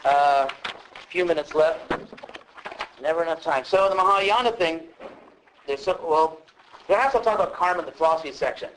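Lecturer, male, higher-pitched voice, casual and animated teaching style. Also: normal speed, long pauses, rough recording. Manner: conversational, animated, acts out quotes. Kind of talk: classroom lecture.

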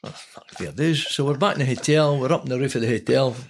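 An older man with a Scottish accent, a podcast guest telling an animated, profane anecdote with frequent laughter. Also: mid-range voice, fast talker, a little hiss or hum. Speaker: podcast guest, former player. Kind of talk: casual storytelling.

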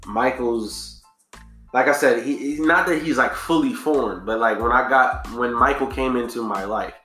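A man co-hosting a podcast in casual chat, telling relaxed, slangy stories that often trail off and restart. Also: medium pitch, normal speed, roomy sound, faint music behind. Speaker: podcast co-host.

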